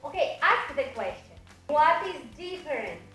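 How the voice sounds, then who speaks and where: A woman teaching a small child in a slow, exaggerated, sing-song way, prompting words and animal sounds. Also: high-pitched, sing-song, bright, forceful tone, far from the mic. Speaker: teacher and parent. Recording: echoey room, off-mic, faint music.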